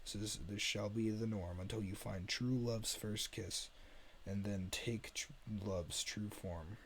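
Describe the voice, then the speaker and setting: A man's voice: fairly low pitch, steady tone, measured pace, a bit bright, slight background noise. A man reading a script aloud and voicing a young cursed princess in a raised, earnest voice. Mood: sorrowful. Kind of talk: amateur script read-aloud.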